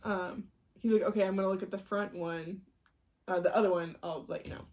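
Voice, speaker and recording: A woman's voice: mid-range voice, steady tone, a little fast, a little mellow, a little hiss or hum. A young woman co-hosting a podcast, telling a story in casual chat, acting out the quotes, laughing and swearing. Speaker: podcast co-host.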